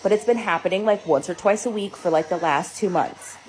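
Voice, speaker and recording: A mother talks straight to the camera, animated and incredulous as she recounts what happened. A faint hiss of background noise sits under her mid-pitched voice. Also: fairly quick. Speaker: mother telling a story. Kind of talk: casual storytelling to camera.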